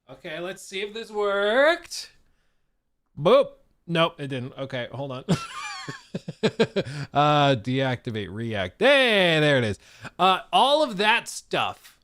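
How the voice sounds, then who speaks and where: A man's voice: on the high side, big pitch swings, takes it slowly, fairly bright tone, clear, resonant tone, dry recording. A man streaming gaming news in casual, jokey chat, rambling with restarts and coming down with a cold. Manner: rambling, jokey, self-deprecating, frequent restarts.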